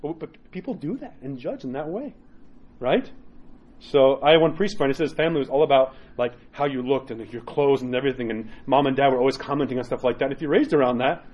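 A man who is a priest, preaching in a conversational, animated way, with many rhetorical "right?" asides and quoted inner voices acted out. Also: fast talker, dull audio. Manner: acts out quoted inner voices with sudden jumps in pitch. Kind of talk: sermon.

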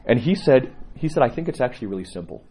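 Priest giving a casual teaching: lively, slightly husky man who tells stories. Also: medium pitch, quick pace. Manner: conversational, animated storyteller with laughs. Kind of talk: teaching talk to a congregation.

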